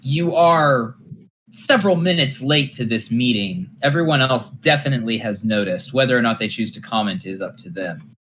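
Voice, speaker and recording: Animated game master running an online tabletop game. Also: medium pitch, a little hiss or hum. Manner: lively, quick to laugh.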